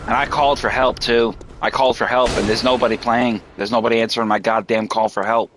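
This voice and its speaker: A man's voice: medium pitch, little pitch movement, fast, background noise. A man streaming a game and commentating, frustrated, swearing and repeating himself. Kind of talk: gameplay commentary.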